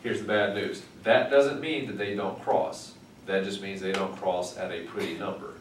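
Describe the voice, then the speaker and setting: Low-voiced male math teacher, dry wit. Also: fairly even intonation, normal speed. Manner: wry, dry humor while working problems. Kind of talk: classroom tutoring. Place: classroom. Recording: roomy, distant mic, some noise.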